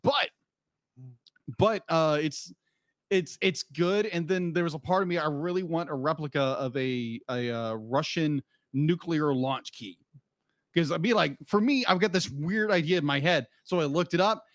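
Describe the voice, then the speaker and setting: A man's voice: a little high, moderate pace, dry recording. A man co-hosting a podcast, chatting casually in a rambling way with frequent restarts and asides. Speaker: podcast co-host. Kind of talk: casual chat.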